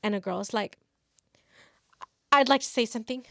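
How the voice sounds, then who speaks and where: A woman's voice: on the high side, normal speed, no room sound, clean studio sound. A young woman co-hosting a podcast, telling a college story in casual chat and acting out what people said, with a few Spanish phrases mixed in. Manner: animated storyteller who acts out quotes, mixes in Spanish phrases. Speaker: podcast co-host.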